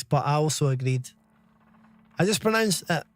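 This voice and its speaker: A man's voice: fairly high pitch, expressive, moderate pace, dry recording. A Scottish man in his thirties giving chatty live commentary while streaming a game, reading out chat and swearing casually. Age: 30s.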